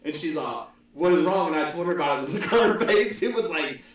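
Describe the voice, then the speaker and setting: A man's voice: on the high side, lively intonation, fairly quick, fairly bright tone. A man hosting a podcast, telling stories casually with lots of swearing and laughter. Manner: storytelling with profanity and laughter. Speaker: podcast host. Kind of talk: casual chat. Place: room with several people. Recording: echoey room, distant mic, talk behind.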